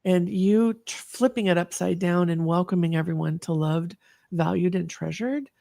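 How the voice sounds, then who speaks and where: Woman guest, low gravelly voice, dry close sound, encouraging, emphatic, on a video call. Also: normal speed, warm tone, dry recording. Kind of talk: casual heartfelt talk-show chat.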